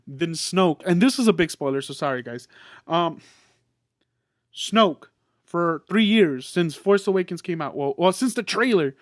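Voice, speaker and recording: A man with a fairly high voice talks through a movie review in an excitable, loose way. He swears freely and stumbles over restarts. The sound is close and dry, with no room echo. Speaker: podcast host reviewing a film. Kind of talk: casual spoken movie review.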